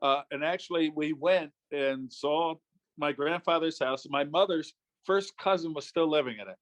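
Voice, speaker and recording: A man's voice: fairly high pitch, normal speed. An older man from New York State, a former politician, telling easygoing anecdotes as an interview guest. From New York State, USA. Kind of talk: casual interview storytelling.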